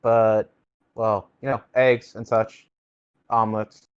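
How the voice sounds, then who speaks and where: A man's voice: fairly low pitch, level tone, takes it slowly, smooth, no echo. A male tabletop player with a hesitant, stammering delivery. His voice sits mid-range and comes through a dull, lo-fi mic. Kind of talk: in-character tabletop role-play.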